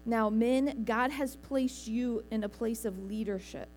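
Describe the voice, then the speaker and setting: Female preacher, earnest, conversational sermon delivery, slightly high voice, faint hum behind. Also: unhurried, a little mellow. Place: church sanctuary.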